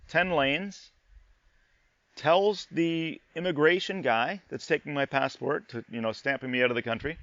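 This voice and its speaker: A middle-aged man, a podcast host, telling a personal story in a casual, animated way, often repeating himself and swearing in disbelief. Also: mid-range voice, no echo, highs cut off.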